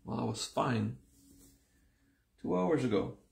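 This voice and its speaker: A man teaching a live-streamed class, slow and deliberate, repeating each term several times, sounding like he has only just woken up. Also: medium pitch, expressive, gravelly, roomy sound. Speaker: yoga teacher.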